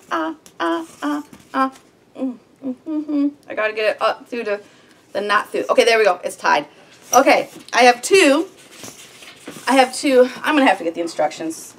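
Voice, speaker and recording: A woman vlogs at home on her farm homestead, talking herself through a fiddly craft in a fretful, slightly whiny way. Her voice is a little high, creaky, and a bit bright, with slight background noise.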